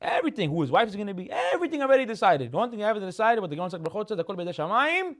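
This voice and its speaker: Young male rabbi, quick excitable sermon delivery, high-pitched. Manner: animated, laughs often, mixes Hebrew terms. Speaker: rabbi giving a Torah class. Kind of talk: lively sermon on the weekly portion.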